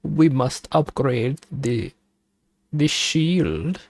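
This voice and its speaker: A man voicing a scheming, pushy character with a mock German accent, speaking in slow, stiff, formal sentences. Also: medium pitch, expressive, a little mellow, exaggerated voice. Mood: insistent.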